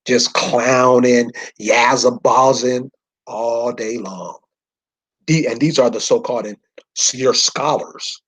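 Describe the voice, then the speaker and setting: A man's voice: mid-range voice, steady tone, takes it slowly, breathy edge. A man giving an informal lecture from a map, speaking in loose slangy speech and firing rhetorical questions straight at his listeners.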